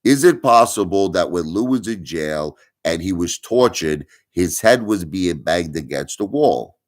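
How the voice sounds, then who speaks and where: A man's voice: deep voice, expressive, unhurried. A middle-aged man streaming live, speaking in an insinuating, rhetorical way and repeating his points. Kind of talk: livestream commentary.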